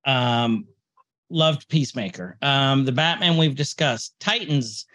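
A man's voice: mid-range voice, slow pace, no room sound. A man hosting a casual podcast chat, talking in a chatty, laughing way. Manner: chatty, laughing, lively storytelling. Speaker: podcast host.

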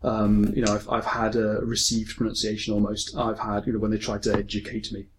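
A man's voice: fairly low pitch, completely flat delivery, brisk, slight background noise. Joking English man hosting a podcast. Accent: mixed English, forces-kid. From England. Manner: laughs often, swears, jokey. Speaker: podcast host. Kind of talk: casual chat, reading listener mail.

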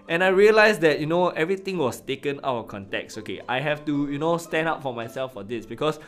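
A man's voice: a little high, lively intonation, fast talker, faint music behind. A man with a Singaporean English accent hosting a podcast, telling casual, self-deprecating stories in a chatty, colloquial way. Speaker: podcast host. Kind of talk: casual storytelling monologue.

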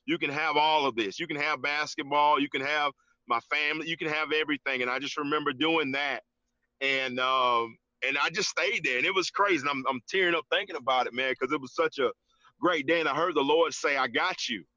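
Man, interview guest, bright voice, halting restarts, dry lo-fi sound. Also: on the high side, no echo. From Georgia, US. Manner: halting, many restarts and fillers, says "man" often. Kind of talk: casual testimony in an interview.

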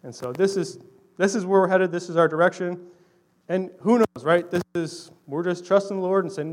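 A man's voice: high-pitched, steady tone, normal speed. A young adult man giving a casual missionary talk to a congregation, telling stories in a conversational, earnest way with fillers. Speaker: missionary speaking to a church.

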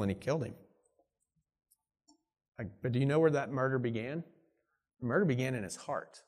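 A man who is a pastor preaching a sermon, earnest and swinging between hushed, intimate moments and emphatic declarations, a parent of young children. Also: mid-range voice. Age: young adult or middle-aged, parent of young children.

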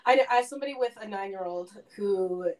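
A woman in her thirties chatting casually on her podcast, laughing through quick asides. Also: mid-range voice, a little mellow. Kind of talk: casual chat.

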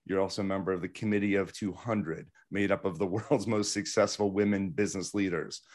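A man's voice: low voice, fairly even intonation, a little fast, a little mellow. A man hosting a podcast interview, talking with enthusiasm and affirming his guest, with lots of fillers. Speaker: podcast host. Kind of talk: casual interview talk.

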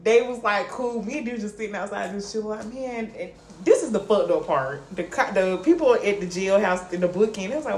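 A young woman podcast co-host, telling an animated, profane story in casual chat and laughing often. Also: mid-range voice, fairly quick, few pauses. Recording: echoey room with faint ambient noise.

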